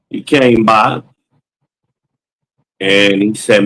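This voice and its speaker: A man's voice: lowish voice, expressive, takes it slowly, pauses often, fairly bright tone, low-quality recording. A man casually telling a story from his sales days, slangy and loose, acting out dialogue with frequent ums.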